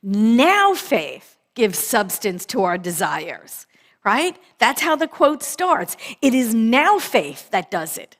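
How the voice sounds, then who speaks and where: A minister, a woman with a slightly high, sing-song and fairly bright voice, gives a sermon in a conversational style. She leans on repetition for emphasis, draws out key words and keeps asking "right?"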